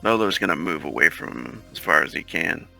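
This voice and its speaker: A man's voice: very deep voice, expressive, a little fast, gravelly, sharp tone, soft background music. A man playing a tabletop game, making short joking remarks. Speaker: player. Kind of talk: casual tabletop game play.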